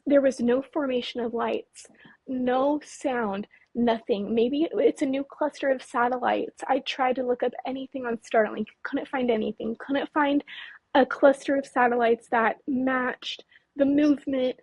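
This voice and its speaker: A woman in her late twenties from California, a guest recounting a frightening experience in a halting, shaky voice, stumbling over words and apologizing. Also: high voice, fairly even intonation, a little mellow, breathy edge, no room sound, rough recording. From California, Mojave Desert. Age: late 20s. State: nervous, voice trembling. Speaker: guest, UFO researcher.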